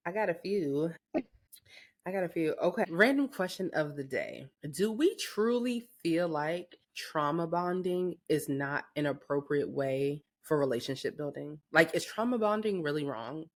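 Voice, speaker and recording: A pregnant young woman co-hosting a podcast, telling stories in a casual, animated way, acting out voices and swearing freely. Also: low voice, moderate pace, hardly any pauses. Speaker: podcast co-host. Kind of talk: casual chat.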